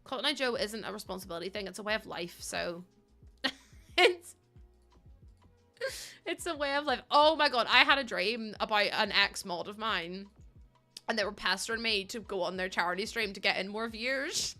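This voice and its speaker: A woman's voice: mid-range voice, lively intonation, moderate pace, pauses often, bright, forceful tone, faint music behind. A young woman chatting casually with her live-stream viewers, bubbly and giggly. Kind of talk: casual live-stream chat while playing.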